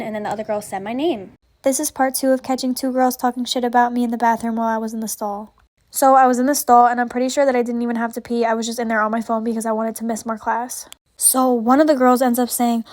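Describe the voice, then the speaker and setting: A young woman telling a frank storytime at a quick clip, full of fillers and casual swearing. Her voice sits a bit high. The recording is dry and close. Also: little pitch movement, darkish tone, dry recording.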